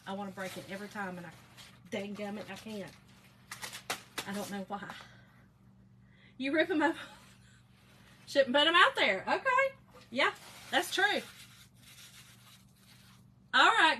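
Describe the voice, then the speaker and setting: A woman with a bright, forceful, medium-pitched voice hosts a crafting livestream, with a little hiss or hum audible. She chats in a folksy way, reading out viewers' comments and calling them "girl" and "y'all."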